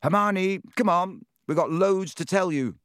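A man voicing an excitable teenage schoolboy who talks with eager urgency. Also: mid-range voice, a little fast, no echo, clean studio sound, lightly acted.

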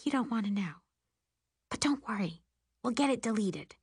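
A woman voicing an earnest teenage schoolgirl who whispers hurried apologies. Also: a little high, lively intonation, slightly rough, no echo, clean studio sound, voice pushed up. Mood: hushed, apologetic. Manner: hushed, apologetic, rushed.

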